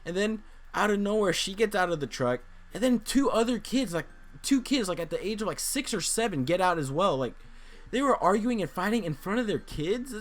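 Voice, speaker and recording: A man's voice: high voice, animated, fairly quick. A young man vlogging casually, telling a rambling story and acting out the voices of people he quotes.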